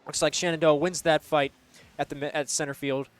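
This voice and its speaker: A young man casting a college esports match, calling plays in a loose, excitable way with lots of fillers. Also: a little high, brisk, clean tone, faint music behind. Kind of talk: play-by-play commentary.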